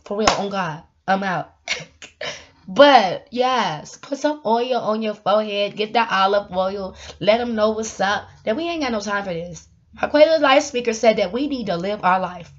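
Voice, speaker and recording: A woman vlogger talking casually to her viewers about faith, animated and laughing, sometimes breaking into song. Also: mid-range voice, normal speed, muffled recording. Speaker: vlogger giving spiritual encouragement. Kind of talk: casual faith talk to camera.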